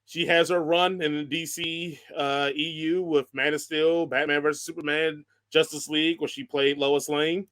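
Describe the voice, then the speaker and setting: A man's voice: fairly high pitch, little pitch movement, normal speed, few pauses, a bit bright. A man hosting a podcast in casual chat, joking, laughing often and rambling through lists. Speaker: podcast host.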